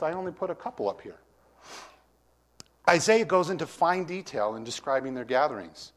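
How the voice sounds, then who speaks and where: A man's voice: a little high, sing-song, normal speed, long pauses. A man preaching a verse-by-verse sermon, talking casually with the congregation and reading scripture with rising emphasis. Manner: conversational, asks the congregation questions.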